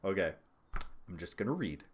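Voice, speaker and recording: A young man riffing through casual livestream political commentary in a lowish voice. He is sarcastic and swears freely, breaking into laughter between his remarks. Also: very animated, moderate pace, slightly rough. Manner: profane, sarcastic, laughs often.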